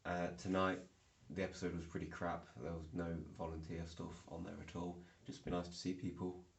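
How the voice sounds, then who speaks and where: A man's voice: deep voice, little pitch movement, a little fast, vocal fry. A young man rambling through a casual vlog, full of ums and restarts, recorded indoors. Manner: rambling, filler-heavy storytelling. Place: indoor room. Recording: echoey room.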